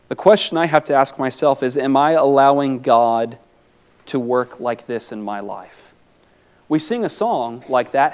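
A man preaching a sermon, earnest, rising to emphatic peaks and dropping low and soft on reflective lines. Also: animated, normal speed.

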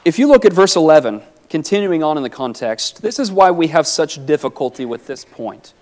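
A man preaching a sermon, earnest, rising to emphatic peaks and dropping low and soft on reflective lines. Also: sing-song, brisk.

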